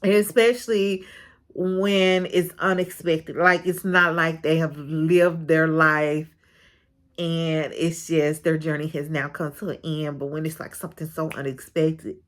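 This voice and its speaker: A woman's voice: sits low, steady tone, a little slow. A woman hosting a casual recap of a reality show, frank and chatty, often breaking into laughter.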